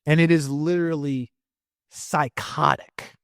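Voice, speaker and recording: A man as an interview guest, ranting heatedly with lots of swearing and fast bursts. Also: on the high side, fairly even intonation, creaky, smooth, no echo, clean studio sound. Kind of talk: casual interview talk.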